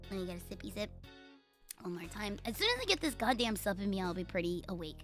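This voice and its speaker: A woman's voice: mid-range voice, animated, fast talker, a bit bright, faint music behind. A woman with a Puerto Rican accent chatting casually on a live stream, playful, profane and teasing herself and her viewers.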